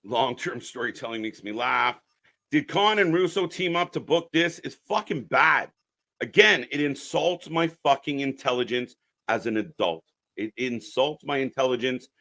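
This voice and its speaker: Man, bright sharp voice, very lively pitch, profane mocking rant, live stream commentary. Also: normal speed. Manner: swings between muttering and shouting.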